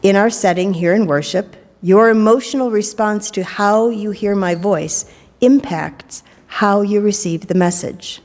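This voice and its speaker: In a church sanctuary during worship, a middle-aged woman minister preaches a sermon, playful and full of joking asides. Her mid-range voice is a little slow and slightly mellow, and the large hall gives the recording a long reverb.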